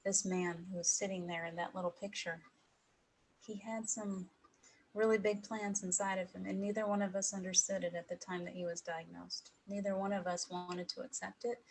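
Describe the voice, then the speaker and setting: A middle-aged woman giving a heartfelt personal talk to an audience, emotional and pausing, with soft laughs. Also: mid-range voice, steady tone, low-quality recording. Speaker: speaker at an evening talk.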